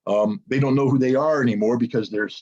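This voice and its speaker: Male analyst in an interview, hoarse-edged voice, blunt talk, dull recording. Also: medium pitch, steady tone, fast, a little mellow. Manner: blunt, opinionated, repeats words when searching. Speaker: interview guest, military analyst. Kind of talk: unscripted interview commentary.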